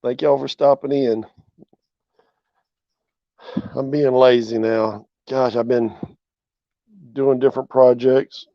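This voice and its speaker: A man's voice: mid-range voice, fairly even intonation, slow, long pauses, dry recording. Man, easygoing livestream chat, greets viewers, dry close sound, dull lo-fi audio. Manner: laid-back, chatty, greets viewers by name. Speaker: channel host. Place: outdoors on a porch.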